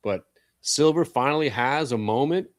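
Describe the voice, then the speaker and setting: A man hosting a live stock trading show, talking bluntly and excitably as he trades, swearing at the market. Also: mid-range voice, normal speed, dry recording, studio quality.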